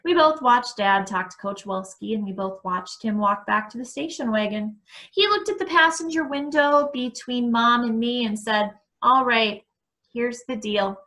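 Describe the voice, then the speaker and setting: Woman reading a kids novel out loud, bright clear voice a bit on the high side. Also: animated, normal speed. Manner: first-person narration with voiced dialogue. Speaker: reader of a novel. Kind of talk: reading a children's novel aloud.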